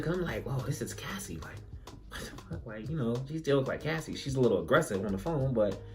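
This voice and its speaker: Animated slangy man telling a story. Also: mid-range voice. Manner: animated, slangy, acts out the other voices. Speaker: storyteller, channel host. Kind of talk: casual story time.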